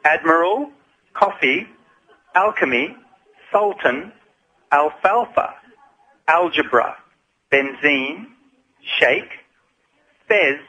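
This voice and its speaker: A man calling in to a radio show and reading out word lists for a language quiz, slowly and deliberately. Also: a little high, lively intonation, sharp tone, rough recording. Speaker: radio guest, quiz caller.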